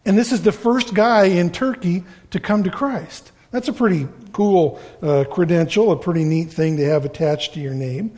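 A man preaches in a relaxed, rambling way, stopping to poke fun at himself. His voice sits somewhat high for a man. It rings out with the long reverb of a big church hall. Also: moderate pace, few pauses. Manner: casual, rambling, self-deprecating. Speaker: pastor. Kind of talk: conversational sermon.

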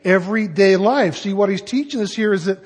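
A middle-aged pastor preaching a sermon, husky, emphatic, slowing down and rising on key words. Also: male voice, sits high, a little mellow.

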